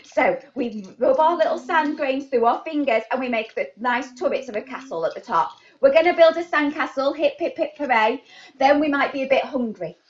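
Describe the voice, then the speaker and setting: A woman running a live online baby sign class, talking to toddlers in an animated, sing-song way. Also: high-pitched, moderate pace, highs cut off.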